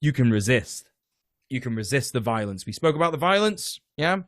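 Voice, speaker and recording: A British man talks in an easy, sprawling way, stumbling over restarts and throwing in the occasional swear word. His voice sits at an ordinary pitch, and the recording is dry with no room sound. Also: big pitch swings, moderate pace, no echo. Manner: rambling, many fillers and restarts, swears. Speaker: podcast guest, tenants union organizer. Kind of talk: casual political chat.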